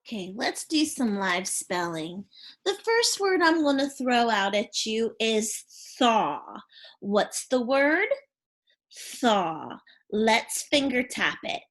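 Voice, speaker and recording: Teacher voice: woman, very slow and lively, spells out sounds for kids. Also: fairly high pitch. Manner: slow, clear, sounding out letters and prompting questions. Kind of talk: phonics lesson for young children.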